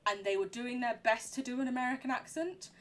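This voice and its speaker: A woman's voice: on the high side, lively intonation, brisk, a little hiss or hum. A young woman streaming a horror game, chatting in a giggly, rambling way. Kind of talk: live game commentary.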